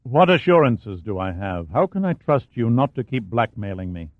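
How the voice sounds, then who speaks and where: A man's voice: mid-range voice, very animated, moderate pace, no echo. A man reading an audiobook, voicing an indignant, angry male prime minister. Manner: angry, hissing. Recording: dry, phone-like narrow sound.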